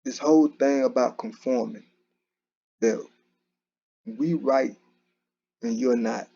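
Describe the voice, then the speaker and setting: A man with a gravelly, husky voice talks through his views in a loose, unscripted monologue. His tone is dark and mellow, and he often restarts his sentences. The sound is dull and lo-fi. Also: medium pitch, takes it slowly. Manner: conversational, repetitive, with frequent restarts and "you know". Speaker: commentary channel host. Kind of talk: casual solo commentary. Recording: dull lo-fi recording.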